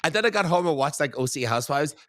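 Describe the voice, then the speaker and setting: A man from Ireland in his thirties, hosting a podcast and telling animated dating stories in casual chat, swearing freely. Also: on the high side, fast, no room sound. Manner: animated storytelling, swearing, frequent "like". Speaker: podcast host.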